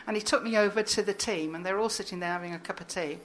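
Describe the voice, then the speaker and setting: A woman poet reading her poem aloud, then chatting as a guest in a halting way with frequent fillers. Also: mid-range voice, a little hiss or hum. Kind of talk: poetry reading and casual interview chat.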